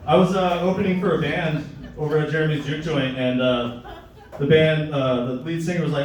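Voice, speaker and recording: Young male stand-up comedian, crude and rambling, a touch high, live in a very echoey club with the mic a little distant. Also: fairly even intonation, a little fast. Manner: crude, rambling, jumps to loud high voices for quoted people.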